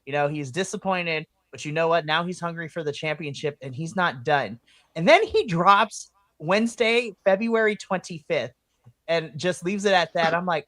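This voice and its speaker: A podcast co-host in casual wrestling chat, excitable, laughing often and swearing freely. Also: mid-range voice, moderate pace, dry recording.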